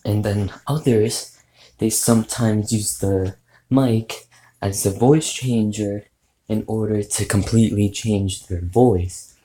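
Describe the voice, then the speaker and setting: A man's voice: lowish voice, fairly even intonation, slow pace, mellow, a little hiss or hum, rough recording. A man giving casual, rambling tips on doing voice impressions, with lots of fillers and restarts. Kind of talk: casual spoken tutorial.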